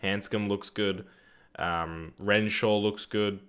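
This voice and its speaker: Laid-back Australian man, lowish voice. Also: steady tone, slow pace, a bit bright, smooth. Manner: laid-back, rambling, swears casually; reads viewer chat aloud and answers it. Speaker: streamer. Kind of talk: live gaming stream chat.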